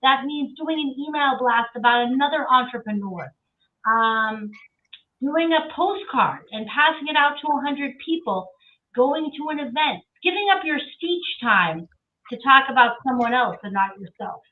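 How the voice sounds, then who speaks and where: A woman's voice: high voice, animated, normal speed. A woman speaking as a guest on a talk show, effusive and repeating phrases for emphasis, over a remote call. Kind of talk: casual talk-show conversation. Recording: tinny remote call from far off.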